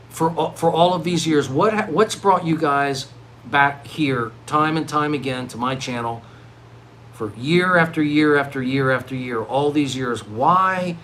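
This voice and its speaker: A middle-aged man holds forth on his livestream, talking in a fairly high voice. He jumps between loud, frustrated excitement and low, muttering asides as he rambles. A faint background hiss sits under his voice. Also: poor audio. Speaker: livestreaming vlogger. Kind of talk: rambling live-stream monologue.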